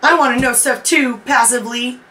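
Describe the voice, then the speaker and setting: A woman's voice: a little high, fairly even intonation, moderate pace, crowd noise. A woman player at a tabletop game, teasing and playful in her joking asides. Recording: echoey room, far from mic.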